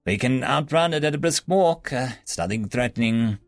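A man's voice: mid-range voice, lively intonation, normal speed, no room sound, soft background music, lightly acted. A man voicing a vain, dramatic young woman mage with a whiny manner. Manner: whiny, self-important.

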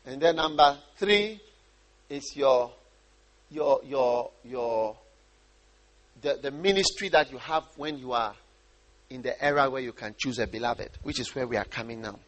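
A man from Ghana preaching a sermon, animated and often repeating and restarting his phrases. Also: mid-range voice, a little slow, pauses often.

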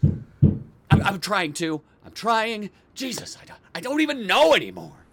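An actor in an audio drama playing a sleepless, paranoid man obsessed with noises in the walls, swinging between muttering and yelling. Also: high-pitched, very animated, measured pace, heavily acted. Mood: frantic. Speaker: actor in a one-man radio play.

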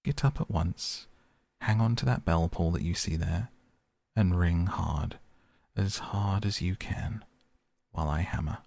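Brisk, snappy water rat, a husky-voiced man reading him, storybook. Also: deep voice, darkish tone, no echo, clean studio sound, exaggerated voice. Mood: impatient. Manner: sarcastic, brisk. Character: sharp-tongued male water rat, bossy.

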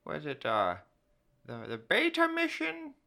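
A man playing a tabletop role-playing game, speaking for his character in a halting way that keeps breaking into giggles. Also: high voice, huge pitch swings, gravelly, crowd noise. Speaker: player.

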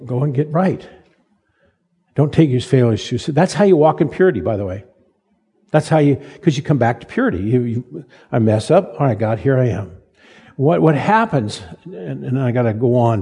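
An older pastor gives a sermon in a folksy, halting manner, restarting phrases and poking fun at himself. His mellow, slightly husky voice sits somewhat high for a man, and a long reverb carries it as in a church sanctuary or reverberant hall.

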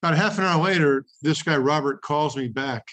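A man's voice: on the high side, a little fast, a bit bright. A man hosting a casual podcast conversation, telling anecdotes from recruiting and chuckling as he goes. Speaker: podcast host, executive recruiter.

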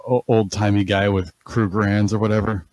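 A man's voice: fairly low pitch, level tone, brisk, darkish tone, no echo. A man playing a tabletop game casually, joking and laughing with the table. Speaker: player.

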